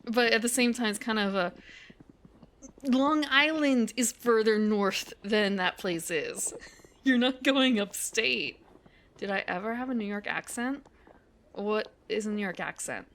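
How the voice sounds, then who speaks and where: A woman's voice: a little high, a little slow, fairly bright tone, a little hiss or hum. A woman streamer chatting casually while out on a winter walk, rambling, correcting herself and laughing often. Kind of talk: casual chat while walking.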